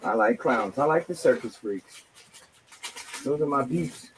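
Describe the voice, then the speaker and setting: A Cajun-accented man hosts a casual livestream, rambling from story to story and cracking crude jokes. His voice sits at an ordinary middle pitch. Faint background noise runs under the talk. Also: lively intonation, a little slow. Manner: rambling, joking, crude humor. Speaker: livestream host.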